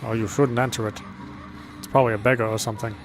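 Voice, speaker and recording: A man's voice: medium pitch, fairly even intonation, fast talker, lightly acted. A man voicing a protective village father who speaks in a plain, reassuring way, in a fan voice dub of a visual novel. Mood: wary.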